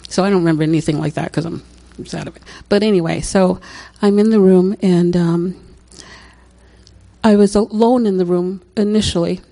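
A woman's voice: fairly low pitch, steady tone, moderate pace, vocal fry, dark tone. An older woman telling a personal story in a chatty way, often laughing and repeating herself. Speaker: speaker sharing a testimony. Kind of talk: personal story, casual testimony.

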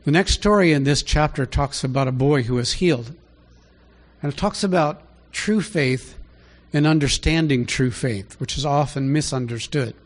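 A man preaching a conversational Bible teaching, asking rhetorical questions and rising in pitch to stress his points. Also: moderate pace. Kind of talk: sermon teaching.

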